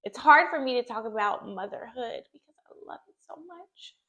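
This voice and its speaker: A woman's voice: on the high side, expressive, moderate pace, a bit bright. A woman speaking as a therapist and mother, giving earnest, reassuring advice to camera and often checking in with "okay?". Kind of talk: heartfelt talk to camera.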